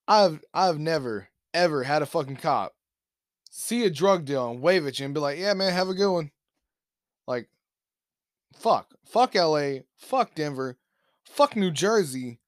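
A young man from Alabama, hosting a podcast and telling a profanity-laced story in a loose, animated way. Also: a little high, measured pace, dry recording, clean studio sound. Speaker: podcast host. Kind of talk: casual storytelling.

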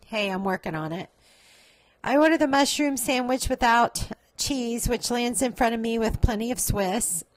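A woman's voice: a little high, dry recording, rough recording. A woman hosting a podcast, telling a reflective, confessional personal story. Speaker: podcast host.

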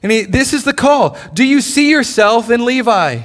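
A man's voice: very high voice, expressive, moderate pace, a bit bright. A man preaching a sermon in a church service, passionate, asking the congregation repeated questions and often restarting his phrases. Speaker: pastor.

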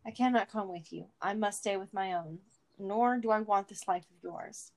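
Picture a loyal young desert warrior, blunt and earnest, pushing his point with steady conviction, as a woman reads his lines aloud. The voice sits at an ordinary middle pitch and comes across as a storybook reading rather than full theatre. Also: moderate pace, close to an everyday voice. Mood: pleading.

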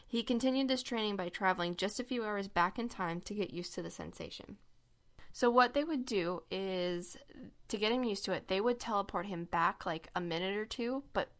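A woman's voice: mid-range voice, moderate pace, fairly bright tone. A young woman hosting a casual podcast chat, explaining a conspiracy story with lots of fillers and laughs. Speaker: podcast co-host.

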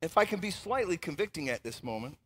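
A man preaching a sermon as pastor, animated and emphatic, swinging between loud outbursts and hushed asides. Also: fairly high pitch, fast talker, husky, big-room sound.

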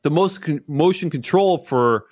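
A man's voice: on the high side, unhurried. Laid-back male podcast host. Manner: laid-back, chatty, filler-heavy. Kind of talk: casual interview chat.

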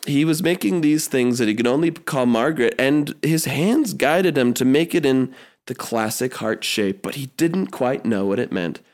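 Lively man telling an improvised story. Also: mid-range voice, normal speed. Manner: lively, playful storyteller with put-on French exclamations. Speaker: improv performer.

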